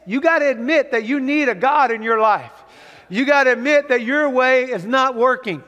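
A man's voice: extremely high pitch, moderate pace, a bit bright. A man preaching a sermon as pastor, emphatic and urging the congregation on, heard in a church sanctuary. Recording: long reverb of a large hall.

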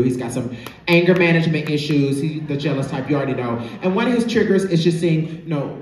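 A man's voice: fairly high pitch, a little mellow. A man hosting a live drag show, teasing an audience member on stage with a sassy, laughing delivery. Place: large theater stage. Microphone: filmed from the audience on a phone. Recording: echoey theater recorded from far off with crowd noise.

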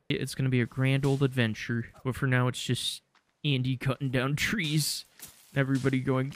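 A man streaming a survival game, giving casual commentary with sarcastic deadpan jokes and laughing at his own lines. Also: medium pitch, moderate pace, slight background noise.

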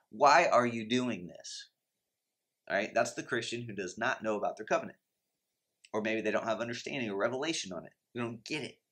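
Male teacher, 30s, mid-pitched, emphatic motivational preaching, acts out prayers. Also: a bit bright. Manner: earnest, emphatic, acts out inner prayers and reactions. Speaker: Christian finance teacher.

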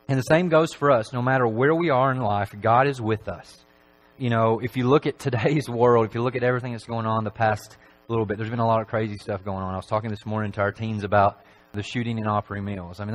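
A man preaching a Sunday evening sermon in a church, talking in a relaxed, conversational way with frequent filler phrases. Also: lowish voice, fairly quick, poor audio.

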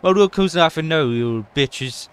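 A young man with a non-American English accent doing casual let's-play commentary, chatty and excitable, swearing and yelping at in-game mishaps. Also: a little high, normal speed, smooth. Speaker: gaming YouTuber.

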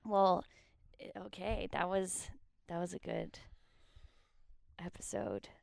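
A woman's voice: fairly low pitch, slow pace, vocal fry, darkish tone, no echo, studio quality. A woman hosting a comedy podcast in casual chat, laughing often and slipping into sung bits. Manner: giggly, breaks into sung snippets. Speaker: podcast host.

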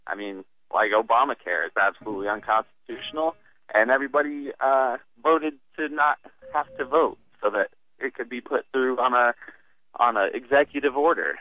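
A man calling in to a radio talk show, speaking haltingly with frequent restarts and short laughs. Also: mid-range voice. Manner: halting, restarts often, laughs while talking. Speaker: caller. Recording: tinny dry phone line.

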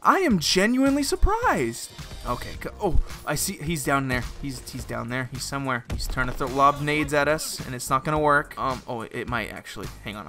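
A young man giving excitable, exclaiming, self-mocking commentary while he plays a shooter game. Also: fairly high pitch. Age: young adult. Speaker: gaming video host. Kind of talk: live gameplay commentary.

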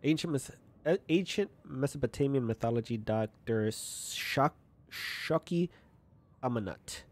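A man's voice: mid-range voice, animated, measured pace. A man casually commenting while playing a game in a small apartment at night, chatty and often stumbling as he reads text aloud. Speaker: gaming YouTuber. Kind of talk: casual let's-play commentary.

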